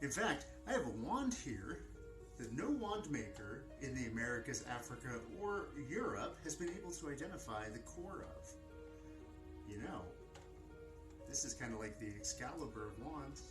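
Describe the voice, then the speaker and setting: A man's voice: medium pitch, very animated, normal speed, over music, natural voice, poor audio. A man playing an eager, rambling male wizard professor who teaches curse breaking, stumbling over his words in a fan-made web drama. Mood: excited.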